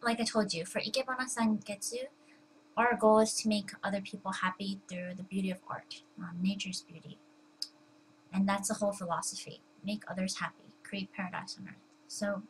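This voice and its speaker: A woman's voice: mid-range voice, a little hiss or hum, rough recording. A young woman talking casually to the camera at home, chatty and full of fillers and restarts. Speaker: vlogger.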